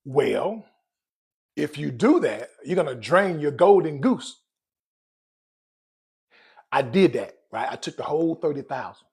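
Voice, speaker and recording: Man hosting a finance vlog: husky, higher voice, jokey and direct with viewers. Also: measured pace, long pauses. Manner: animated, joking, addresses viewers directly. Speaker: personal finance vlogger. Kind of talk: casual chat to camera.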